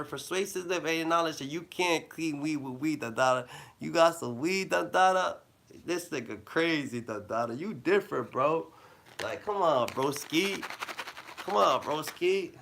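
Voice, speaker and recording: A man giving rambling motivational advice in loose slang, with a habitual "da, da, da" filler, dropping low and then bursting louder. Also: expressive, normal speed, creaky. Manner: loose slang-heavy talk with a repeated "da, da, da" filler; swings between low mumbling and loud bursts. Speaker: vlogger giving life advice.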